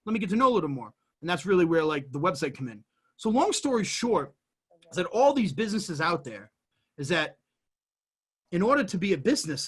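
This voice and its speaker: A man appears as a guest in a casual conversation, explaining business with animation and hopping from one everyday example to the next. His voice is fairly high-pitched and slightly rough.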